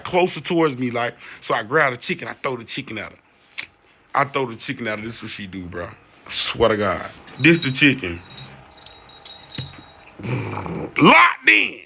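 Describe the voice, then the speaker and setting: A young man telling an animated storytime, slangy and excitable, jumping into other people's voices as he reenacts the scene. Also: on the high side. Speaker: storyteller vlogger.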